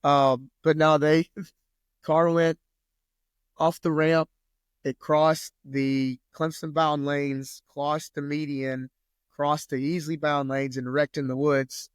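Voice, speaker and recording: A man's voice: fairly high pitch, level tone, takes it slowly, smooth, no room sound, studio quality. A man, a podcast guest telling a story in loose casual talk full of swearing and fillers. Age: 30s. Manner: loose, profane, lots of "like".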